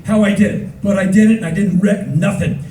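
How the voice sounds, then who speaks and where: A man in his fifties telling stories on stage, animated and acting out voices with sudden shouts. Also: high voice, brisk, slight background noise. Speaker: spoken word performer. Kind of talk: live spoken word storytelling. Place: concert hall stage. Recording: echoey hall recorded from far off.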